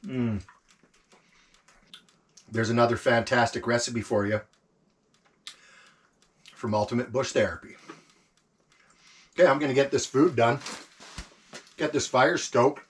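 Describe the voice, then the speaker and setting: A man filming a relaxed camp cooking vlog inside an ice fishing tent, savoring his food and talking with his mouth full. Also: medium pitch, unhurried, long pauses, slightly rough. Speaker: outdoor vlogger.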